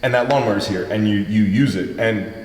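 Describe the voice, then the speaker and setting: A man's voice: lowish voice, brisk. A man who is a guest on a podcast, chatting in a laid-back way and recounting memories. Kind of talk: casual chat. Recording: echoey room with long reverb, faint ambience.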